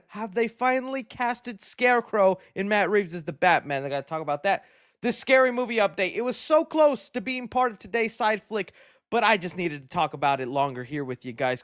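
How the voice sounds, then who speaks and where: A man's voice: high-pitched, a bit bright, no room sound, clean studio sound. A man hosting a movie news livestream, chatting with viewers in upbeat, slangy, jokey banter. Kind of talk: casual live-stream chat.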